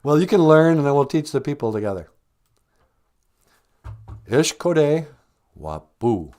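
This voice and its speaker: A man's voice: on the high side, expressive, fast, darkish tone. A man with a Minnesotan accent hosting a comedic podcast, chatty and upbeat, laughing easily. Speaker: podcast host.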